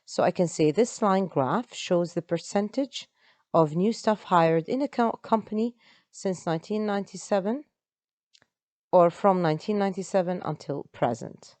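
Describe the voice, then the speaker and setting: Lady teaching english, patient step by step, lowish mellow voice, dry sound. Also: moderate pace, dry recording. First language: Arabic. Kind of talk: online English lesson.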